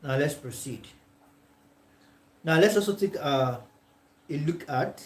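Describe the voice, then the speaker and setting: A male tutor with a Nigerian English accent giving a classroom lecture. He dictates slowly, repeats examples word by word and keeps asking "all right?". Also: a little high, expressive. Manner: slow and dictating, checks in with "all right?" after nearly every phrase; repeats example sentences word by word for note-taking. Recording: echoey room.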